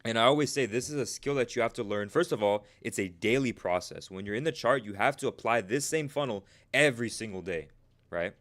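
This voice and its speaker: A man's voice: mid-range voice, fairly quick. Upbeat young man coaching traders. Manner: energetic, repeats "right?" as a check-in, acts out traders' inner voices. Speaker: trading coach. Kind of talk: live-streamed lesson.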